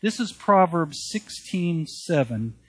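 A man's voice: a little high, sing-song, slow, husky. A man preaching a sermon, speaking earnestly, repeating key phrases and reading Bible verses aloud. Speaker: pastor.

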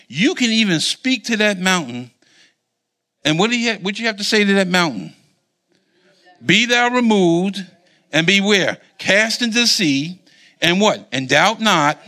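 A man preaching as a Bible teacher, quizzing his listeners and leaving blanks for them to fill in. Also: high-pitched. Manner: animated, quizzes the congregation. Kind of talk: sermon with call-and-response.

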